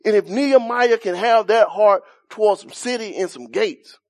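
A man preaching an impassioned sermon in informal church speech, swinging from loud shouts down to quiet, soft lines. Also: high-pitched, moderate pace. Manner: impassioned, rising to shouts then dropping soft.

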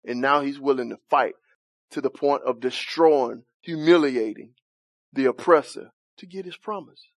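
A man's voice: medium pitch, normal speed, dry recording. A man preaching a sermon, questioning and bantering with his congregation in folksy church vernacular, often laughing.

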